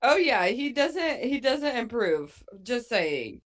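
A woman's voice: fairly high pitch, slow pace. Woman ranting thru a movie recap, lots of swearing, voice jumps up and down a ton. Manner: animated, swears a lot, acts out her reactions. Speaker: co-host. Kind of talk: casual movie recap chat.

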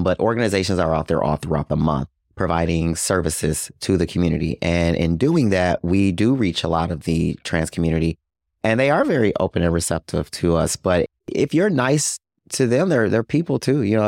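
A man with a very low voice talks earnestly as an interview guest about his outreach work. He leans on "you know" as he goes. The sound is dry and close. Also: darkish tone, dry recording. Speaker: guest, HIV outreach worker. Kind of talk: casual interview talk.

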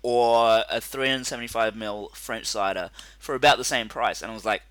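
A man co-hosting a casual chat, rambling and animated with lots of fillers. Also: on the low side, normal speed, no echo. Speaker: podcast co-host.

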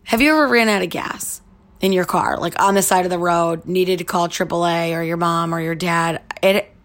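A woman's voice: on the low side, moderate pace, a bit bright. A young woman hosting a podcast, telling a candid story in a chatty way full of likes and you-knows. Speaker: podcast host. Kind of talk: casual storytelling monologue.

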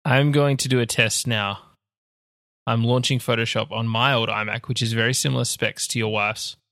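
A man's voice: mid-range voice, steady tone, moderate pace, fairly bright tone, no echo. Joking man co-hosting a dry podcast. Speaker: podcast co-host. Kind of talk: casual tech chat.

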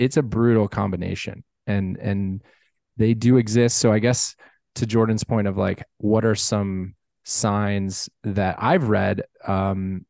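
A man co-hosting a podcast in casual chat, chatty with lots of fillers and excitable bursts. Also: lowish voice, gravelly, dry recording, clean studio sound. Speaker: podcast co-host.

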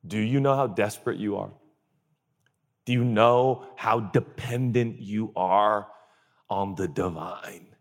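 Taking his time, a man in his forties preaches a sermon, and his words trail off in long reverb. He tells funny stories, performs quotes and groans in a high voice, and also asks sincere questions.

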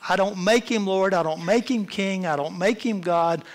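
A man preaching a sermon as pastor, with impassioned delivery that swells and drops. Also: normal speed. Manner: impassioned preaching, rising and falling in pitch and volume. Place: church.

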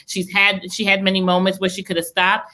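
A woman's voice: medium pitch, completely flat delivery, a little fast, sharp tone. A young woman hosting a podcast, chatting eagerly about faith and business with lots of restarts. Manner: enthusiastic, faith-filled, rambling with restarts. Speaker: podcast host. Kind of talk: casual live-stream chat.

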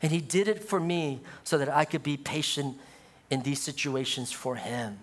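A man delivering a sermon in an average-pitched voice. He talks in dramatic swings, rising loud and high in one phrase and sinking to a low, hushed tone in the next. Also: normal speed. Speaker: pastor.

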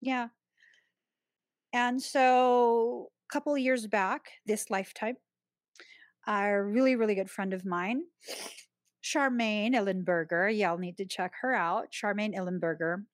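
A woman hosting a podcast, telling a personal story in a chatty, expressive way and often laughing. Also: medium pitch, a little slow, no room sound. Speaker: podcast host.

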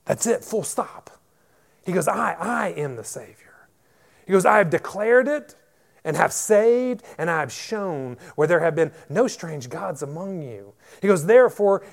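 A male pastor in full sermon, his fairly high voice climbing into loud emphatic declarations before dropping back to a quieter teaching tone. He repeats words as he builds momentum, calling out to the congregation. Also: gravelly.

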